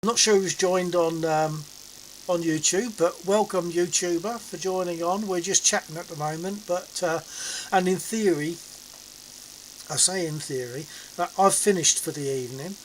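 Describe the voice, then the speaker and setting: A man's voice: sits high, normal speed, slight background noise, rough recording. A man in his seventies, chatting casually and rambling with livestream viewers from his home sim setup. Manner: rambling, chuckling, self-mocking. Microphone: desk mic.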